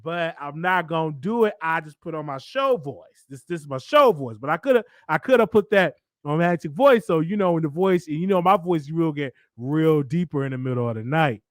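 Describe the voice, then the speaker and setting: A man hosting his own show in rambling, animated casual chat, thinking out loud. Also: on the high side, brisk, few pauses, no room sound, clean studio sound. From Dallas, Texas. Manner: rambling, animated, talks to himself aloud. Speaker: show host.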